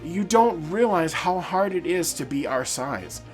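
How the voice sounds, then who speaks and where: Man, forties, podcast host; earnest and emphatic personal talk, slightly high voice. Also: lively intonation, a little slow, soft background music. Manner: earnest, emphatic, with frequent restarts. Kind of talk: personal monologue.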